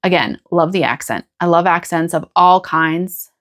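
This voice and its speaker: A woman's voice: fairly low pitch, moderate pace, a bit bright. A woman from the United States chatting casually as the host of a knitting podcast, gushing and rambling with small restarts. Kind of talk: casual chat to camera.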